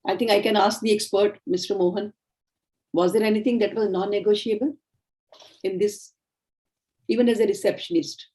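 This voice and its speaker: A middle-aged woman with an Indian English accent, giving a training lecture in a measured, explanatory way. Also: medium pitch, steady tone, dark tone. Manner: explanatory, measured, acts out sample dialogues. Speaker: communication trainer.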